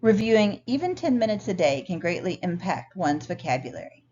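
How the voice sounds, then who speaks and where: A woman with a lowish voice teaches a recorded lesson at a steady, patient pace. The sound is dull and lo-fi, with faint noise underneath. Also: brisk. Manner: clear, patient explaining. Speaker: ESL instructor. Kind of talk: recorded lecture over slides.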